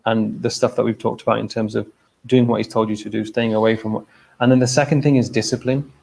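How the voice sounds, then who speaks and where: A man's voice: on the low side, level tone, quick pace, gravelly, a little mellow, low-quality recording. A man giving an informal religious talk at a mosque. He speaks conversationally, repeats phrases and keeps checking in with his listeners.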